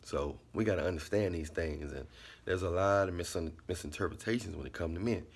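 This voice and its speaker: Man, low husky voice, relaxed repetitive monologue. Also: a little fast. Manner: laid-back, repetitive, drops into quiet asides. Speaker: vlogger giving life commentary. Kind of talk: casual monologue.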